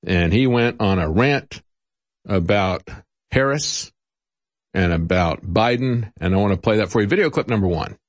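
Man, commentary host, sarcastic, mocking, animated pitch, filler-heavy delivery. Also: moderate pace. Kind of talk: opinionated radio-style commentary.

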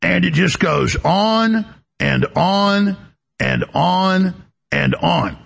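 A man's voice: high voice, expressive, extremely slow, creaky, fairly bright tone. A male talk show host delivering an emphatic, rambling political monologue, often repeating words as he goes.

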